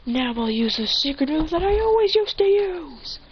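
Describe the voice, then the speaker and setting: A storyteller voicing a hot-headed young male hero with explosive powers, who shouts his attack names, on a lo-fi recording. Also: sits high, sing-song, normal speed, a little hiss or hum, pitched above the performer's own voice. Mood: tearful.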